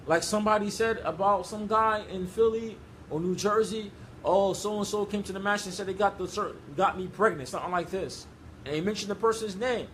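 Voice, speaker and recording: Emphatic male preacher with a high voice. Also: a bit bright, a little hiss or hum, poor audio. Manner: repetitive, emphatic, conversational street-style English. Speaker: Islamic preacher. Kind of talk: informal religious lecture.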